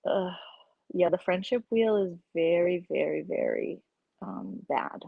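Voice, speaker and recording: A woman's voice: fairly low pitch, measured pace, creaky, breathy edge, no room sound, phone-quality sound. A woman vlogger in casual live-stream chat, rambling and opinionated as she reacts to her viewers' comments.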